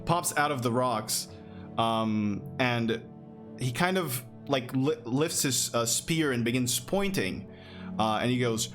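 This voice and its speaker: A man's voice: mid-range voice, animated, slow pace, fairly bright tone, soft background music. A man narrating a tabletop fantasy game as game master in a loose, casual storytelling manner.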